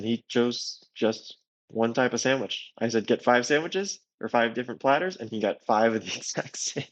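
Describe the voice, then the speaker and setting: A young man hosting a podcast, rambling and halting through a casual commentary on an old episode. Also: on the low side, dry recording. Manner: rambling, halting, with many fillers. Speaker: podcast host. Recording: slightly dull lo-fi sound.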